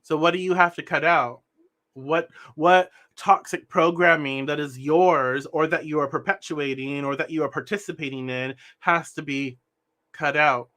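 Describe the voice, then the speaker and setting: A man's voice: a little high, fairly even intonation, normal speed, sharp tone. A young man giving a spiritual tarot reading, earnest and meandering, often restarting sentences and talking with his hands. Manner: earnest, meandering, self-correcting. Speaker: tarot reader.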